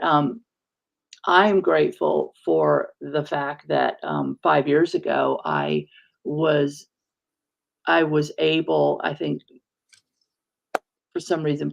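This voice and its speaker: She sounds like a minister opening up about something personal on a talk show, her low voice heavily gravelly and creaky. The conversation is casual and heartfelt, warm but halting, with frequent pauses as she searches for words.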